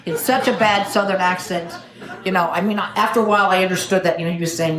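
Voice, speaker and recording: A woman's voice: lowish voice, steady tone, quick pace, a bit bright. A middle-aged woman telling her recovery story at a meeting, wry and self-mocking, joking as she goes. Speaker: AA speaker. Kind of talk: personal recovery talk at a meeting. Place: meeting room. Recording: echoey meeting room.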